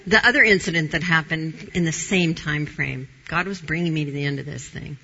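Muffled audio captures a deep, brisk female voice with a sharp, slightly rough tone. She's a middle-aged talk show guest recounting her Christian testimony candidly, animated and laughing a lot.

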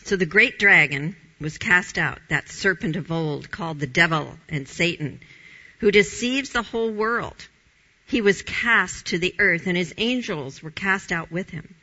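A woman's voice: fairly low pitch, expressive, a little slow, bright, forceful tone, highs cut off. A woman giving a conversational Bible teaching in an informal, emphatic way, repeating her key phrases.

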